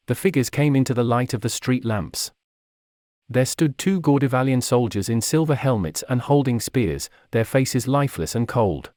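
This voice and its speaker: A man reading a fantasy story aloud in a steady, measured way. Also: mid-range voice, no echo, clean studio sound. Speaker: narrator. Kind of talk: storybook narration.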